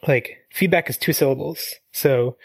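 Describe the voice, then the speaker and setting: A podcast host in casual chat, mid-pitched, recorded very dry and close with no room sound. The talk rambles through quick tangents, filled with "like" and restarts. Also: vocal fry, husky, no echo.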